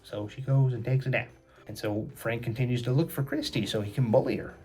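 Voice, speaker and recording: A man's voice: medium pitch, fairly even intonation, fairly quick, dark tone. Brief: man telling a children's story, chatty and moralizing, faint music behind. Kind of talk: kids' story retelling.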